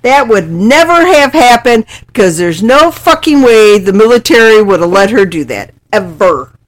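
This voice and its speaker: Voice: medium pitch, big pitch swings, moderate pace. A podcast co-host in a casual movie recap chat, talking in a dry, blunt, sarcastic way.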